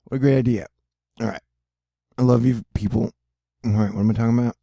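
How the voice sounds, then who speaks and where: A man hosts his own weather and space video, rambling casually over weather maps while swearing, joking and losing his train of thought. His medium-pitched voice is warm and creaky, with fairly even intonation and a fast pace. The recording is studio quality with no room sound.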